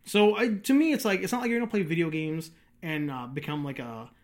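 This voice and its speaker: A young man co-hosting a casual podcast chat, opinionated and animated, swearing freely. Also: on the high side, brisk. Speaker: podcast co-host.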